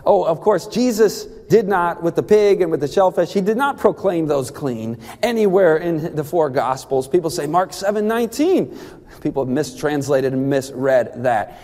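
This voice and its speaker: Emphatic high-voiced man, reverberant hall. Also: a little mellow. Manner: emphatic, laughing, quick asides. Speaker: Bible diet teacher. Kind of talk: animated religious talk.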